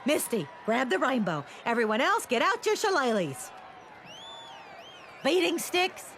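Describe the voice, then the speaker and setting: A pompous cheer coach. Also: female voice, high voice, very animated, unhurried, crowd noise, background noise, heavily acted. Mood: bossy. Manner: self-important, pompous. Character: proud bossy middle-aged woman cheer coach. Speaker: halftime show organizer. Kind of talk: animated sitcom dialogue.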